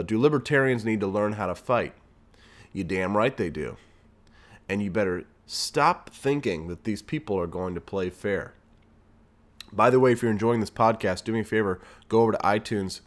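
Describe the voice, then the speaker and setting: A man hosting a political podcast, ranting in a fired-up way and reading news aloud with his own asides. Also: lowish voice. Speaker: podcast host. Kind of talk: political commentary monologue.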